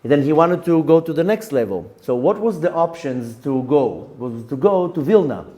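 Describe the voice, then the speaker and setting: A man giving a Torah lesson as a rabbi, telling a story in a lively way, repeating words and acting out the lines of the people in it. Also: on the high side, normal speed. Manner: animated, repeats words, acts out quotes in the story.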